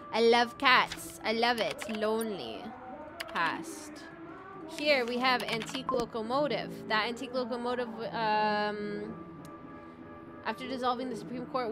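Woman streamer, chatty and profane, slow lively delivery over loud game music. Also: a little high. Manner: chatty, swearing, thinking aloud as she plays. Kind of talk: gameplay commentary.

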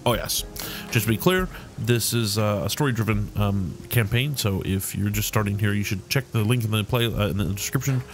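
A man's voice: on the low side, normal speed, slight background noise. A man hosting a video game playthrough, chatting casually and reading the on-screen story text aloud with amusement. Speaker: let's play host.

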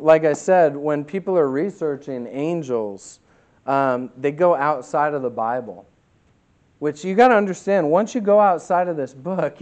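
Male pastor, higher voice, emphatic sermon delivery that swings between loud and quiet. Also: clear, resonant tone, lo-fi sound. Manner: reads scripture slowly and deliberately.

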